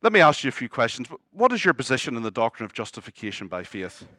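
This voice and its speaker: A man's voice: mid-range voice, sing-song, quick pace, pushed and bright, no room sound, studio quality. A man voicing a fussy, officious male supervisor angel who asks formal questions, inside a sermon story.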